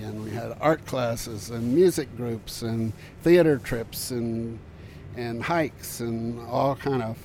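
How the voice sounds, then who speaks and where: An older man talks slowly through his memories in a reflective interview, pausing often and restarting his sentences. His voice sits at an ordinary middle pitch. Faint background noise hums behind him in an outdoor courtyard. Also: darkish tone. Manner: thoughtful, halting, with many fillers and restarts. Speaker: interviewee recalling community work.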